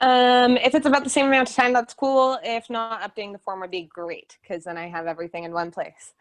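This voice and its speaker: A woman's voice: a little high, steady tone, fairly quick. Upbeat woman explaining plans. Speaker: co-organiser of the storytime. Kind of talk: casual chat on a video call.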